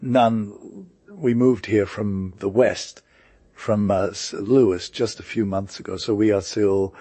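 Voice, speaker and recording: A man's voice: lowish voice, steady tone, slow pace, mellow, no room sound. Shy young woman, read by a man, plain and simple, dry close voice. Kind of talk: audiobook character reading.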